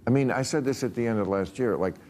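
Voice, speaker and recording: A man hosting a televised panel talk show, animated and joking with his guests. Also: mid-range voice, fast talker.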